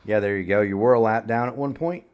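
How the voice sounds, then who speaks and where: A man's voice: fairly low pitch, quick pace, a little mellow, clear, resonant tone. A man hosting an online racing broadcast, rambling through the upcoming schedule in a folksy, chatty way. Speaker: sim racing broadcast host. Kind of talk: broadcast commentary.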